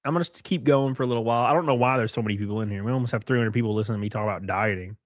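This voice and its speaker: A young man talks loosely to his live-stream audience, swearing and laughing as he riffs on viewer comments. His voice sits in an ordinary middle pitch and sounds dry and close, with no room around it. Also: very fast, no echo. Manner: crude, joking, laughs often. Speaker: livestream host.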